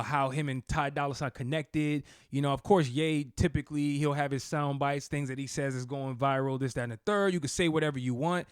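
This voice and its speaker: A man's voice: on the high side, smooth, no echo, clean studio sound. A man co-hosting a podcast, telling stories in casual chat with plenty of fillers. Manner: relaxed storytelling with fillers. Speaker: podcast co-host. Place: podcast studio.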